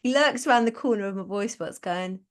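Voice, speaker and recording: A chatty woman gives casual motivational talk on a live stream. Her voice sits at a middle pitch, and she laughs often as she plays out little quotes. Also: brisk. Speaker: podcast host and business coach.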